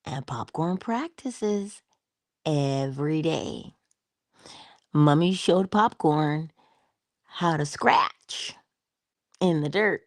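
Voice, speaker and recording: A woman giving a spiritual motivational talk in a soft-spoken way, often dropping into whispers, with playful, affectionate asides. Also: deep voice, drawn-out words, long pauses, no echo, clean studio sound. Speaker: inspirational speaker.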